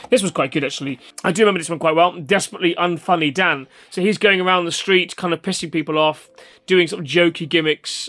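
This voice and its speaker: A man's voice: a little high, fairly bright tone. A man hosting a casual, rambling video review, off-hand and chatty with mild swearing. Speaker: vlog host.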